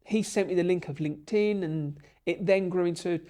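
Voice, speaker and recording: A man, a guest on a podcast, telling long stories in an animated and emotional way. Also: high-pitched, normal speed. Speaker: podcast guest, bricklaying tutor. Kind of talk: storytelling in a podcast interview.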